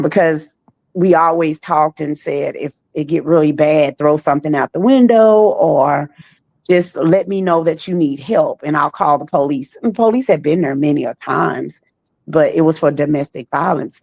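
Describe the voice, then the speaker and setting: Woman, trafficking survivor guest, deep gravelly voice, halting repetitive delivery. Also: darkish tone, no room sound. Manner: slow, halting, repeats phrases. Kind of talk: personal testimony.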